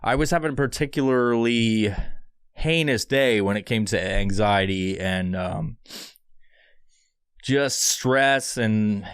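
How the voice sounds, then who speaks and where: A man's voice: lowish voice, clean tone, dry recording. A man hosting a solo podcast from a studio, rambling and swearing through a sponsor read. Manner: rambling, profane, sarcastic. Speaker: podcast host.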